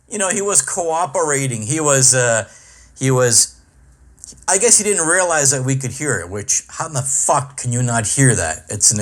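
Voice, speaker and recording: A man's voice: medium pitch, a bit bright. A middle-aged man hosting a podcast, ranting in a profane, exasperated comic monologue. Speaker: podcast host and comedian.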